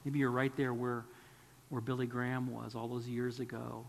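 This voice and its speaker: Earnest preacher man, gravelly voice. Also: medium pitch, monotone, normal speed, big-room sound, a little hiss or hum. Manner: earnest, pleading, drops to a whisper. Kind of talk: sermon.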